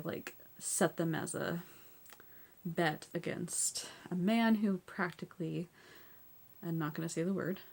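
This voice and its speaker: Chatty woman with a low, gravelly voice. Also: darkish tone. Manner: chatty, laughs often, lots of "like" and "so yeah". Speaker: TV episode recap host. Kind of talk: casual recap and review.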